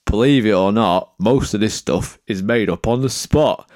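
A man's voice: on the low side, moderate pace, darkish tone, no room sound, studio quality. A man doing a silly, rambling improvised comic monologue, hosting for a podcast agency. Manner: silly, rambling, jumps between put-on voices.

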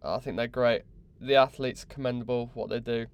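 A man's voice: medium pitch, fairly even intonation, moderate pace, clean tone, dry recording. A young man hosting a podcast, mocking and exasperated in a sweary comic rant. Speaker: podcast host.

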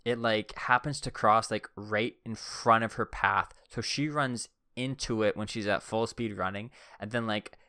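Young adult man for loose, filler-heavy anecdotes; low, smooth voice. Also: measured pace, few pauses, bright, forceful tone, dry recording, studio quality. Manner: rambling, heavy use of "like" and "uh". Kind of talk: casual anecdote-telling.

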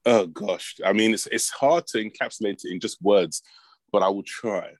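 A man chatting as a guest on a football podcast, animated when telling stories and saying "mate" a lot. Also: lowish voice, moderate pace, dry recording, rough recording. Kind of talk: casual chat.

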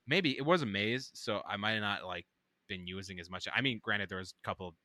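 A man's voice: on the low side, pushed and bright, dry recording. A young man in a casual podcast chat, rambling through memories and swearing freely. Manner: rapid, rambling recollection with swearing. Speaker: podcast co-host.

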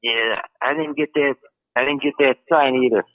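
A man's voice: medium pitch, fairly even intonation, moderate pace, no echo. A brash, cocky man calling in to a talk show, with a Chicago accent, who keeps repeating his jokes over the phone. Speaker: caller. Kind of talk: call-in banter. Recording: tinny phone line.

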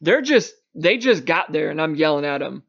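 A man's voice: a little high, normal speed, gravelly. A young man from Long Island with a New York accent, co-hosting a podcast and telling a story with lots of swearing, acting out both sides of the conversation. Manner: animated, profane, acts out both sides of a story. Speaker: podcast co-host. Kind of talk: casual storytelling chat. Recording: muffled lo-fi recording.

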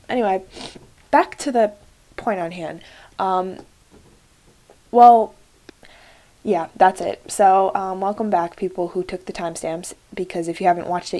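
Hosting a solo podcast, a young woman speaks at a measured pace with frequent pauses, her mid-range voice warm. Her talk is casual and gushing, full of "like" and "um."

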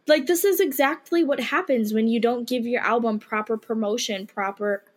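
A woman's voice: fairly high pitch, normal speed. A young woman co-hosting a podcast, chatting casually with friends, swearing freely and hiccuping. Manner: chatty, swears freely, reads posts aloud. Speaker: podcast co-host. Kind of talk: casual chat. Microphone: headphones with mic.

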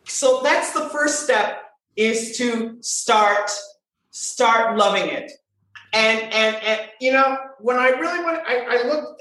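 Woman voice coach, lively swooping delivery, heavy room echo. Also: a little high, slow pace. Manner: animated, playful, emphatic repetition. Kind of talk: casual interview talk. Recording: very echoey room.

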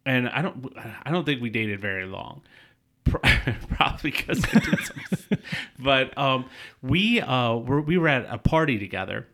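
A man with a bright, forceful voice tells a rambling story in a casual podcast chat. He laughs often and swears freely. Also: mid-range voice, measured pace. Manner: laughing often, profane and animated. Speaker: podcast co-host.

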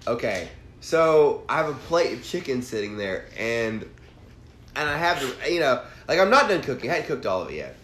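A young man telling a profane, animated story in casual chat as a podcast co-host. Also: mid-range voice, moderate pace. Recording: roomy room with faint background noise.

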